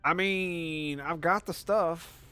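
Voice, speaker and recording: A man giving let's play commentary as a gaming streamer, excitable and profane, gushing over every detail. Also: a little high, takes it slowly, smooth, faint music behind.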